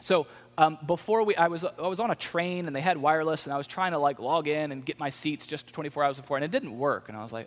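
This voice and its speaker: A man preaching a sermon, telling a personal story in a conversational, animated way. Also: on the high side, fast. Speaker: pastor. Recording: long hall reverb.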